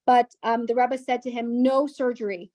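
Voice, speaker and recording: Woman guest speaker, earnest storytelling with restarts, fairly high voice, dry close sound. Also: fairly even intonation, normal speed, dark tone, no room sound. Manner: earnest, with frequent restarts and repetitions. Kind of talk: personal story at a women's gathering.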